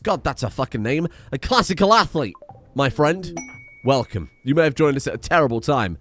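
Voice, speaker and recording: A young man giving casual, sweary let's-play commentary while playing a strategy game, animated and self-mocking, with sudden outbursts. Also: fairly high pitch, normal speed, dry recording. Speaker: gaming YouTuber.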